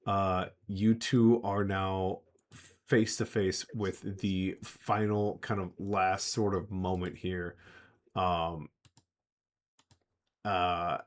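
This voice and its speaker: Man with a lowish voice as game master, loose and rambling narration. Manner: rambling, full of filler words and restarts.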